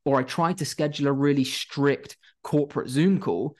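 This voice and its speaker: Blunt, animated young man. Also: on the high side, normal speed. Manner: blunt and animated, acts out phone calls, swears casually. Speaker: agency owner giving business advice. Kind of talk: casual talking-head advice.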